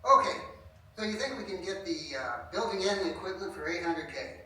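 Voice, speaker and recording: An actor playing a blunt, confident, wealthy investor. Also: male voice, high voice, animated, fairly quick, bright, forceful tone, slight background noise, exaggerated voice. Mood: brusque. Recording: distant echoey room.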